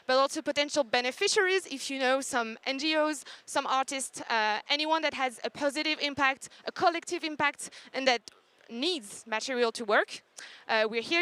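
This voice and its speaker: A woman giving a conference pitch for her startup, fluent and upbeat with frequent fillers. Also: bright, forceful tone, clear, resonant tone, dry recording. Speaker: startup team member pitching. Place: conference stage.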